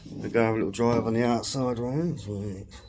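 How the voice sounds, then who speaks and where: A man's voice: mid-range voice, fairly quick, a little mellow, slight background noise. A man vlogging casually outdoors at an elephant sanctuary, full of slang and calling everyone mate. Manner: laddish, slangy, says "mate" a lot. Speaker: travel vlogger. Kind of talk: casual vlog chat.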